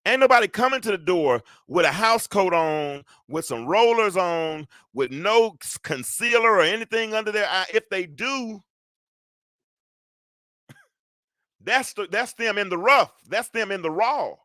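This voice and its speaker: A man's voice: sits high, animated, measured pace, sharp tone, no echo, clean studio sound. A middle-aged man hosting a solo talk show in a preachy, joking way, speaking straight to his audience and calling for amens. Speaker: host.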